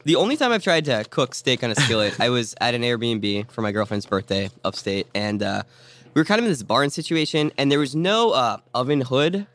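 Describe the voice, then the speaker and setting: A man's voice: medium pitch, animated, brisk, fairly bright tone, no room sound. A man hosting a podcast in casual chat, joking and laughing often. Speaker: podcast host.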